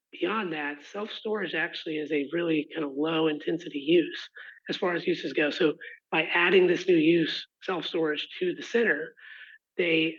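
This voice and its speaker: Hoarse man on a muffled video call. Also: fairly high pitch, fairly bright tone. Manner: halting, many restarts and fillers, apologetic. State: hoarse, has lost his voice. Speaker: rezoning applicant's representative. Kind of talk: answering residents' questions at an online meeting. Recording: muffled lo-fi online call audio.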